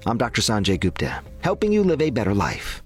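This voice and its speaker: A man, a doctor, hosting a scripted health segment in a calm, encouraging way. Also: lowish voice, a little fast, soft background music.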